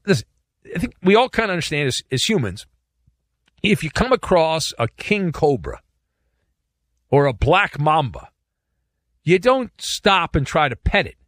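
A man's voice: on the high side, very animated, a little slow, pauses often, a bit bright, no room sound, studio quality. A man hosting a sports talk show, giving opinionated commentary in a sarcastic, mocking way.

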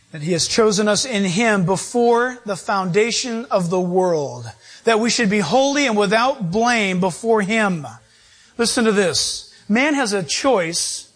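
A man's voice: high voice, a bit bright. A man preaching a sermon, reading scripture and asking the congregation rhetorical questions. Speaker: pastor.

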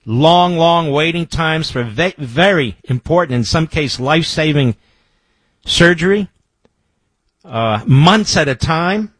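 Man, radio host, emphatic monologue, repeats phrases, high bright voice, dry studio sound. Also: expressive, slow pace, slightly rough, no echo. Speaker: radio talk show host.

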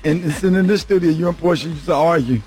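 A man's voice: fairly high pitch, fast talker, music in the background. A man co-hosting a radio show, ribbing his colleague bluntly. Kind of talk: teasing banter on radio.

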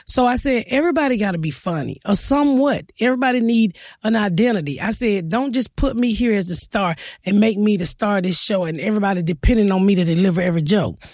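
A woman's voice: a little high, no echo, studio quality. A woman stand-up comedian speaking, telling blunt stories in an interview and acting out what she said. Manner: blunt, storytelling, quotes herself in animated bursts. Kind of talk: casual interview talk.

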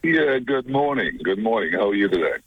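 A man from Grenada with a Grenadian accent, calling in to a radio show with a deep voice and a slow, laid-back crooning manner. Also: sing-song, husky, dry recording, phone-quality sound. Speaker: caller. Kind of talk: casual radio call.

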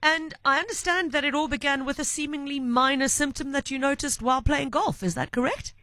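Woman, radio talk host, measured interviewing, dry close mic. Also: high voice, sharp tone, no room sound.

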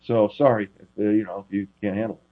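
Rambling former quarterback, dull dry audio. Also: male voice, fairly low pitch, fast talker, no room sound. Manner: rambling, animated storytelling with many restarts. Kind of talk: casual interview chat.

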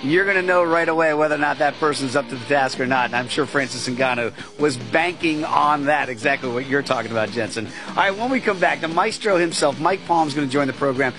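A man's voice: fairly high pitch, brisk, few pauses, over music. A man hosting a sports betting talk show, chatting casually with asides and tangents. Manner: chatty, conversational, fond of asides.

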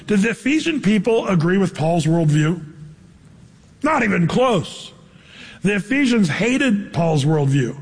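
A man's voice: sits high, slightly rough. A man preaching a sermon in a conversational way, asking the crowd questions, with his voice ringing out in a large hall. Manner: conversational preaching, rhetorical questions, shifting loudness. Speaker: pastor. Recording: long hall reverb.

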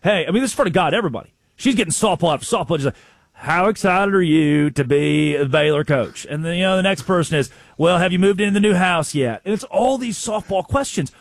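Animated husky-voiced sports talk man. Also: high-pitched, fast, no room sound. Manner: excitable storyteller, acts out quotes, exclaims. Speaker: sports show co-host.

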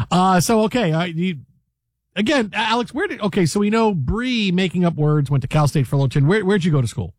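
Animated high-voiced male radio host. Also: no room sound, studio quality. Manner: playful, laughing, animated, does quick impressions. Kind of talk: casual sports radio banter.

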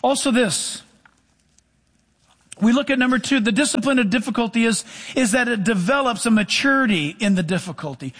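A middle-aged male pastor preaching a sermon, animated, with sudden drops to soft, low asides. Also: fairly quick.

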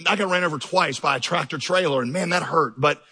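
Middle-aged male pastor preaching, bright and a touch high, emphatic storyteller with passionate climaxes. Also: fairly quick, husky, in a large hall. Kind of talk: sermon. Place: large church auditorium.

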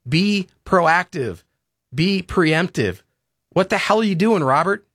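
A man's voice: high-pitched, lively intonation, takes it slowly, fairly bright tone, no room sound, studio quality. A man hosting a talk radio show, ranting and pleading in a heated, impassioned way.

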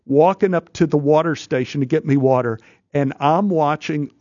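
A male actor guest telling an animated anecdote in a studio interview, stammering, restarting and acting out voices. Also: on the high side, moderate pace, dry recording, lo-fi sound. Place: radio studio.

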